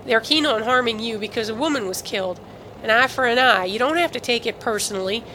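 A woman reading the part of a protective male military officer in an audiobook, speaking in a measured, diplomatic yet firm way. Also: a little high, background noise, natural voice.

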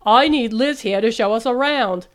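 Contrary, sharp male scientist, read by a woman. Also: a little high, normal speed, lightly acted.

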